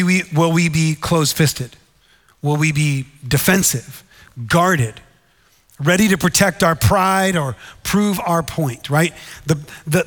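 A man's voice: a little high, fairly bright tone, long reverb tail. A man preaching a sermon in an earnest, conversational way, often turning to the listeners with "right?". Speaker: pastor.

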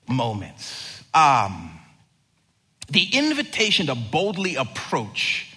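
Lively husky-voiced male preacher. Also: medium pitch. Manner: conversational, joking asides. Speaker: pastor. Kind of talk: sermon.

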